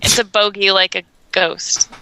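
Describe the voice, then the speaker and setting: Bright-voiced woman, dry and matter-of-fact. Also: mid-range voice, little pitch movement, a little slow, smooth, poor audio. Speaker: podcast co-host. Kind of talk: casual chat.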